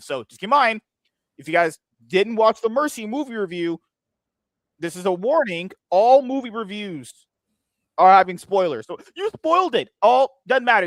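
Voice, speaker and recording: A man's voice: high-pitched, a bit bright, no echo. A man hosting a podcast in casual crude banter, joking and rambling. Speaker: podcast host.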